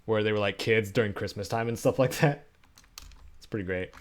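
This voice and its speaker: A man's voice: lowish voice, fairly quick, slight background noise. A man live-streaming, chatting casually and laughing often as he talks to viewers while editing. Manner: chatty, giggly, talks to chat while working.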